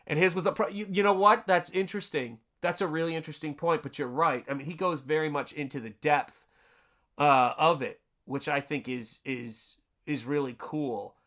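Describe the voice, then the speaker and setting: A man's voice: fairly high pitch, moderate pace, a bit bright. A man from Tennessee chatting casually on a live art stream, rambling through a story and greeting viewers in the chat. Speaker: livestreaming artist.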